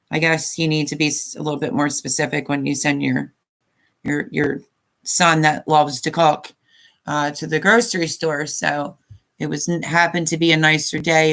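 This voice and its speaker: A woman's voice: sits low, a bit bright. A woman in her fifties hosting a casual live stream, chatting in a rambling way and reading viewer comments aloud.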